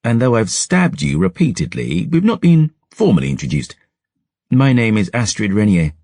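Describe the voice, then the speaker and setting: A man voicing a haughty, sharp-tongued young noblewoman who speaks crisply and curses freely. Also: medium pitch, big pitch swings, moderate pace, no room sound, studio quality, voice pushed up.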